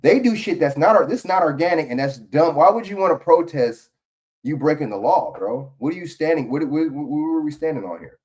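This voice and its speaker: A man's voice: on the high side, lively intonation, a little fast, darkish tone, husky. A man giving heated, profane reaction commentary on a political video clip.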